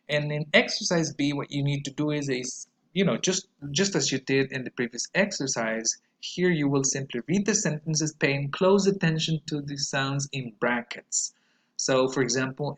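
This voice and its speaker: A man teaching an English pronunciation lesson, explaining vowel sounds and modeling words slowly and clearly for students to repeat. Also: mid-range voice, fairly bright tone. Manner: slow, exaggerated word modeling.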